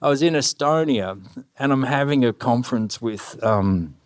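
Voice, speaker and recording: A middle-aged man telling anecdotes on stage, animated, swearing freely and acting out the lines of other people. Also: mid-range voice, normal speed, no room sound, clean studio sound. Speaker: guest musician. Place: live stage before an audience.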